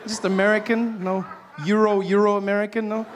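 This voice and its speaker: High-voiced man doing stand-up. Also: level tone, normal speed, a little hiss or hum. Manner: playful, acts out characters with loud shouted bits. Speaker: stand-up comedian. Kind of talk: stand-up comedy set. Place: live comedy venue with audience.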